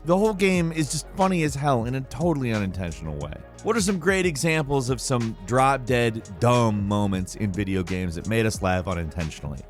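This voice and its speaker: A man's voice: mid-range voice, very animated, a little fast, few pauses, faint music behind. A male host giving casual, amused commentary on silly video game moments. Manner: wry, amused, mocking.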